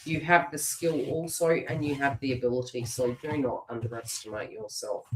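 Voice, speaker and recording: A woman's voice: very deep voice, steady tone, moderate pace, few pauses, background noise. A middle-aged Australian woman giving a live tarot reading and chatting casually, laughing often and restarting her phrases. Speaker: tarot reader. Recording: roomy echo.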